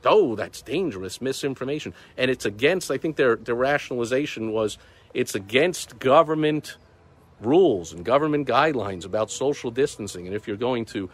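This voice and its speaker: A man's voice: mid-range voice, animated, normal speed. A man hosting a casual business video, talking outdoors in a light breeze, emphatic and sarcastic, repeating words for stress. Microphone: phone or camera recording himself.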